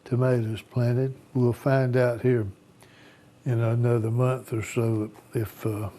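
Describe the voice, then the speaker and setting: An American man co-hosts a gardening show and chats in a plainspoken, easygoing manner. His voice has a mellow, darker tone at an ordinary pitch for a man. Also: level tone, takes it slowly. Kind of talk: casual chat.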